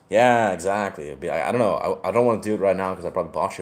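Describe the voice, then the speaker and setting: A man talking casually to camera about his hat and music, rambling and laid-back, often pausing to search for words. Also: low voice, slight background noise.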